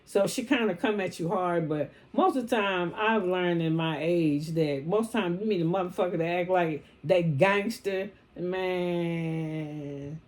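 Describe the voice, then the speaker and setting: A woman's voice: fairly low pitch, measured pace, darkish tone. A woman retelling a reality show episode in casual, blunt, heavily profane slang, slipping into quoted lines as she goes. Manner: acts out quoted lines in passing. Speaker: show recapper. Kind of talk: casual recap chat.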